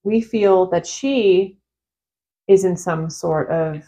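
A woman co-hosting a podcast, casually and calmly adding details in the conversation. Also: lowish voice, takes it slowly. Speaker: podcast co-host reviewing films. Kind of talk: casual chat.

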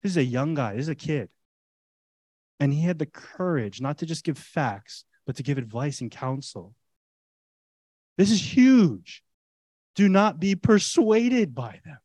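Animated preaching man, dry close sound. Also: fairly high pitch, normal speed, dry recording. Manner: animated, conversational preaching with rhetorical questions. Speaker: pastor. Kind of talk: sermon.

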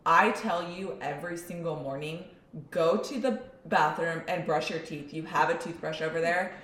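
A woman's voice: low voice, normal speed, a bit bright, reverberant. A young woman co-hosting a podcast who tells stories with animation and acts out her son's voice. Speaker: podcast co-host. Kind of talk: casual chat.

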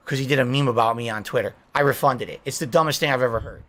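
Fast-talking, indignant man. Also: medium pitch, a bit bright. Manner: indignant, scolding viewers. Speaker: livestreamer. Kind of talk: livestream chat reading.

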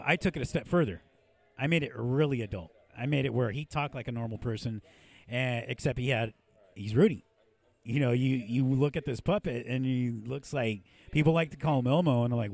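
A man's voice: medium pitch, creaky, a little mellow. A man who hosts a podcast, telling profane stories in casual chat and laughing often. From Mexican-American from San Diego. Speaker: podcast host and puppeteer. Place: podcast studio.

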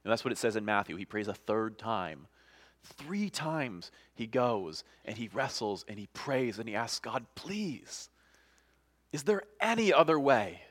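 A man's voice: fairly low pitch, animated, normal speed, fairly bright tone. A male pastor preaching a sermon, earnest and conversational, often restarting phrases and checking in with "right?".

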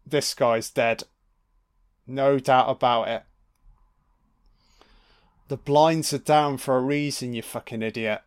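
Sweary man doing slow film commentary. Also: mid-range voice, fairly even intonation, smooth. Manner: sweary, mocking asides to the screen.

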